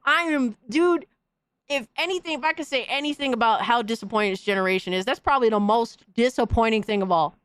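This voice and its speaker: A woman's voice: a little high, fast, a bit bright, smooth, no room sound. A woman hosting a podcast, delivering a heated, profane, slang-filled rant in casual commentary. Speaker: podcast host.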